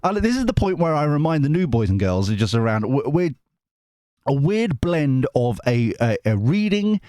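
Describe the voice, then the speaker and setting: A man's voice: a little high, very animated, normal speed, warm tone, dry recording, clean studio sound. A British man hosting his tarot channel, chatting casually to viewers in a jokey, rambling way that keeps breaking off and restarting. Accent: British English. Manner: chatty, jokey, self-interrupting and digressive. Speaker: tarot reader and channel host.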